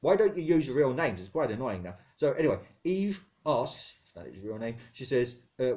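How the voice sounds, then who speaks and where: A mid-range, mellow male voice with a sing-song lilt, talking briskly with few pauses. He's a comedy podcast host playing God with a posh British accent, chatty and easily sidetracked, rambling and interrupting himself in a character monologue that answers listener questions.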